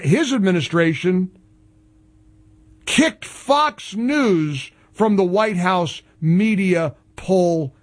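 A man hosting a talk show, delivering sarcastic, mocking political commentary. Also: sits high. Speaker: radio talk show host.

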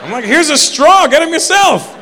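A man's voice: very high voice, sing-song, moderate pace, background noise. A man telling a stand-up story, acting out what people said. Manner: storytelling, acts out quotes. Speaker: stand-up comedian. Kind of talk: stand-up routine. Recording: long reverb in a live venue.

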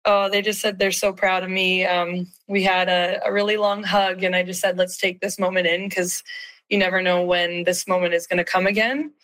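A woman in her thirties, a hockey player speaking as an interview guest, slightly hoarse, upbeat, with frequent fillers and laughs. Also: fairly low pitch, little pitch movement, moderate pace, a bit bright, poor audio. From Saskatchewan, Canada. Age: 30s. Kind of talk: casual interview.

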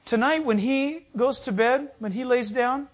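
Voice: sits high, measured pace. A preacher retelling a story and voicing Naomi, an older widowed woman who chats casually as she plots a match. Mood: scheming. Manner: casual, chatty, scheming.

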